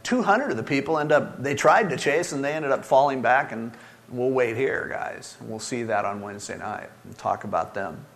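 A man's voice: mid-range voice, lively intonation, moderate pace, a bit bright. A man preaching a sermon as pastor, earnest and conversational, often acting out prayers and quotes. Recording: long reverb of a large hall.

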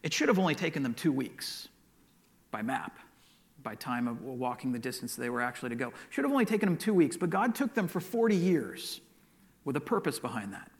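A man's voice: mid-range voice, big pitch swings, a little fast. A pastor preaching a sermon, telling stories and often repeating words as he goes.

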